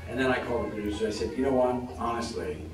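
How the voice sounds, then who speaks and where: An American man answering audience questions on a convention panel, relaxed and self-deprecating, laughing often. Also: mid-range voice, fast. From United States. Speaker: actor guest on a convention panel. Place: large convention hall with audience. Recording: very echoey hall from far off, noisy.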